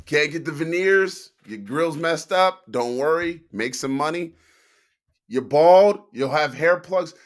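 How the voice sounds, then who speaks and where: A man's voice: a little high, expressive, takes it slowly. A man co-hosting a casual talk show, telling stories in a laid-back, profane way. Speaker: podcast co-host. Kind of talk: casual chat.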